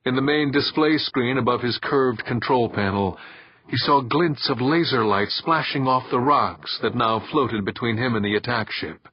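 A man narrating an audiobook with steady, dramatic storytelling. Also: mid-range voice, moderate pace, slightly rough, highs cut off. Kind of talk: scripted narration.

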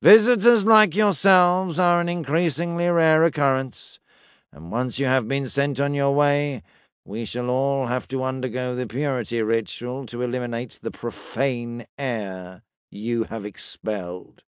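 A man voicing a pompous male temple tender who intones slowly in a flat, monotone, vaguely nasal voice. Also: mid-range voice, clear, resonant tone, no echo, studio quality, lightly acted. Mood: solemn. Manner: slow, solemn intoning.

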